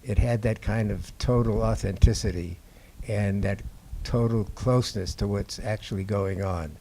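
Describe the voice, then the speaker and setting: At an indoor screening, an older Boston man who makes documentaries shares anecdotes with the audience in a low, mellow voice. He speaks haltingly and without hurry, pausing often as he recalls his filmmaking work, while a faint room hum sits in the background.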